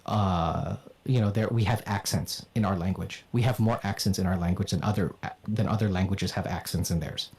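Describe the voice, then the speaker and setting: A man raised in the Philippines chatting casually on a livestream, animated, swearing and laughing often. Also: sits low, normal speed, hardly any pauses. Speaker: streamer and voice actor.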